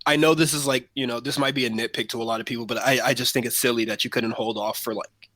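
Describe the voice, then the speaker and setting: Bright-voiced guy rambling on a wrestling podcast, lots of ums and restarts, dry close mic. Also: medium pitch, steady tone, fast talker, no echo. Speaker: podcast co-host. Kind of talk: casual wrestling chat.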